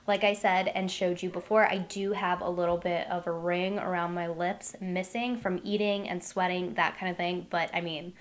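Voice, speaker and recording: A woman's voice: on the low side, flat delivery, moderate pace, few pauses. A woman beauty vlogger doing casual check-ins at home, chatty and upbeat, with lots of "like" fillers. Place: at home by large glass doors.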